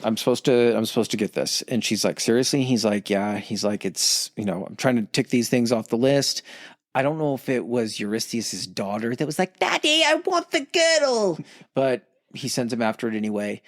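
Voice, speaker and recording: A man's voice: fairly low pitch, fairly even intonation, dry recording, studio quality. Profane, jokey man retelling myths. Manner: profane, jokey retelling with quick character voices. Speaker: podcast co-host. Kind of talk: casual storytelling chat.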